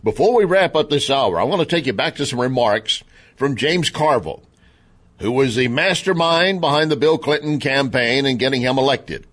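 A man's voice: medium pitch, animated, moderate pace, a bit bright. Emphatic male talk radio host. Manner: emphatic, repetitive, conversational. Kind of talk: political talk radio commentary.

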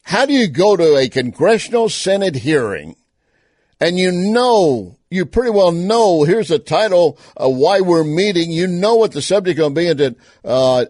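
A man's voice: fairly high pitch, sing-song, measured pace, darkish tone, dry recording, studio quality. A man with a Texas accent giving sarcastic political commentary on video clips. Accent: Texan. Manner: sarcastic, scornful.

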